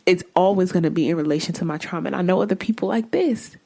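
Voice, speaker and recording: Hosting a podcast on her own, a woman with a lowish, mellow voice talks at a quick pace. She's casual, blunt and openly exasperated, swearing freely.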